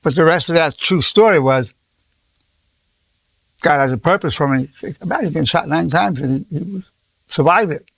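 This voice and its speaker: His voice runs on the high side, gravelly and a bit bright, at normal speed with frequent pauses. He's a psychologist in his eighties giving a loose, story-filled lesson, repeating words, restarting, and acting out quoted dialogue. The recording is dry.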